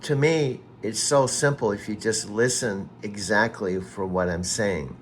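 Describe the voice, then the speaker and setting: Deep-voiced man, patient but exasperated. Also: a little hiss or hum. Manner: slow, patient syllable-by-syllable spelling, growing exasperated. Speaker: user talking to an AI assistant. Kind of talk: casual chat.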